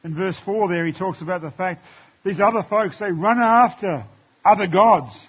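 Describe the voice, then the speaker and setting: Husky-voiced male pastor preaching. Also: sits high, normal speed, highs cut off. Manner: conversational preaching, quoting scripture. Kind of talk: sermon. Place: church.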